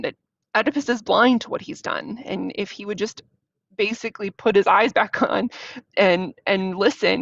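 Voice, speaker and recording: Chatty woman explaining a play, gravelly. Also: medium pitch, fairly bright tone, dry recording. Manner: casual, slangy, chatty asides. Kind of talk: explaining a play while reading it aloud. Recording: dull, dry lo-fi recording.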